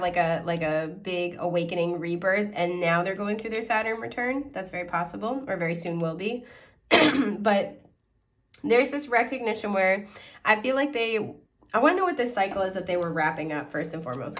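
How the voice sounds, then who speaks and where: Woman, tarot reader, casual reading to camera, chatty, giggly, lots of fillers. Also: medium pitch.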